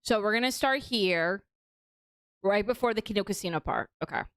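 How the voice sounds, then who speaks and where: A woman's voice: mid-range voice, normal speed, clear, resonant tone, dry recording. A young woman streaming casual reaction commentary, talking in a chatty, mocking way with lots of fillers.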